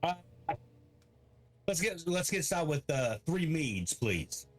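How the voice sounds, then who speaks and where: A man's voice: fairly high pitch, sing-song, slow pace. A man playing a tabletop game, speaking easygoing and in character. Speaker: player.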